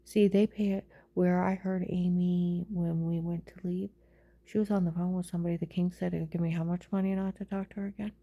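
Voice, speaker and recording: A woman in a casual rant, retelling a quarrel in a rambling, agitated way and sometimes dropping to a hushed whisper. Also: on the low side, little pitch movement, brisk, dull audio.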